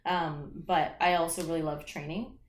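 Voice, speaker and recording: A woman's voice: low-pitched, fairly even intonation, moderate pace. Chatty woman in her late twenties, echoey room. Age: late 20s. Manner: talkative, many "like" fillers and restarts. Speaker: guest, soccer player and coach. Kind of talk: casual interview chat.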